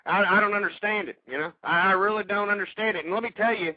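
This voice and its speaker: A man's voice: high-pitched, quick pace, no echo. A man hosting a political talk radio show, ranting angrily and hurling insults at his listeners. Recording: tinny phone-like radio audio.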